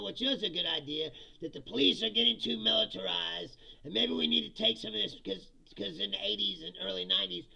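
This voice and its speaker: A man's voice: high voice, creaky, pushed and bright, slightly rough. A man hosting a live comedy stream on politics, reading chat and mocking commenters with profane jokes and frequent laughter. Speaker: host. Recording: dull lo-fi sound.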